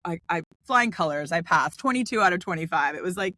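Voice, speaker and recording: A woman, a podcast guest telling her story in a lively, casual way and acting out quotes with big jumps in pitch. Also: a little fast, dry recording.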